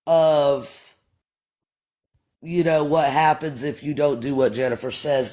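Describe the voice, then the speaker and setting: A man hosts a casual livestream, speaking in a voice that sits a bit higher than most men's. He tells his story bluntly, swears freely and keeps addressing his viewers directly. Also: a little mellow. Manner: blunt and profane, addresses chat as y'all. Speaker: livestream host.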